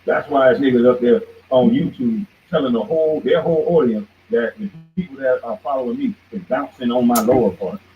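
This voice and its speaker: A man's voice: medium pitch, animated, brisk, hardly any pauses, soft background music. Heated man ranting over a tinny line. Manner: heated, confrontational, repeats "boy". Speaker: show host. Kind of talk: ranting commentary monologue. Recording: tinny phone-like line with faint noise.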